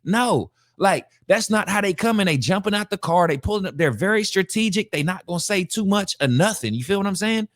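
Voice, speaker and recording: Animated man reacting, dry close sound. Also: sits high, a little fast, few pauses, dry recording. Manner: animated, slangy, emphatic, repeats lines for effect. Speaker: podcast host reacting to a video. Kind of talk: casual reaction commentary.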